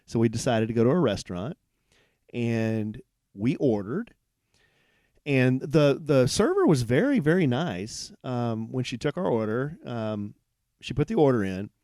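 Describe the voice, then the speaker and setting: A man co-hosting a podcast from a hotel room, telling a long anecdote in a rambling, animated way with many restarts. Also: mid-range voice, unhurried, no echo, studio quality. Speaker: podcast co-host. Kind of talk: casual storytelling chat.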